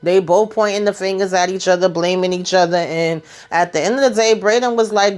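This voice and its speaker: A woman's voice: on the low side, steady tone, brisk, hardly any pauses. A woman hosting a casual TV episode recap, telling it in a chatty, slangy way and acting out what the characters say. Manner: chatty, slangy storytelling that acts out the characters' lines. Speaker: TV recap channel host.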